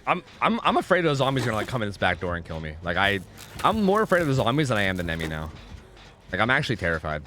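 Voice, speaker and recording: A young man streaming gameplay, swearing a lot and swinging between shocked yells and low mumbled asides. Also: big pitch swings, racing, a little hiss or hum. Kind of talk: live gameplay commentary. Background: game music.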